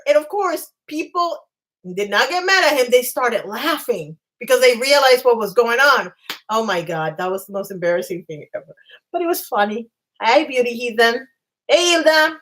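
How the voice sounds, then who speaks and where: Female host, casual storyteller, animated and self-deprecating, a touch high. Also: unhurried. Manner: animated, self-mocking, laughs at herself. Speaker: channel host. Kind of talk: casual storytelling to live chat.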